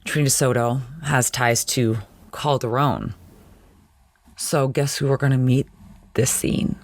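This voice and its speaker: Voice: medium pitch, fairly even intonation, a little slow, no room sound. A podcast host recapping a TV episode in a chatty, nerdy way and laughing at their own nitpicks.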